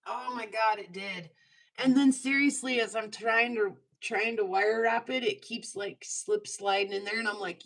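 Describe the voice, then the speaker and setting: A woman's voice: on the high side, steady tone, moderate pace, vocal fry, a bit bright, rough recording. A woman hosting a casual craft livestream, chatting while she works, laughing often and making fun of herself. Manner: chatty, laughs often, self-mocking asides. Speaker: livestream host making jewelry.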